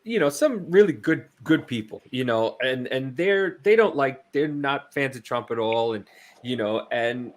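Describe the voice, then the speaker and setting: A man's voice: medium pitch, expressive, unhurried. A man from the New York and New Jersey area chatting casually on a podcast, blunt and storytelling, acting out the people he talks about. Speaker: podcast host. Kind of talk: casual chat.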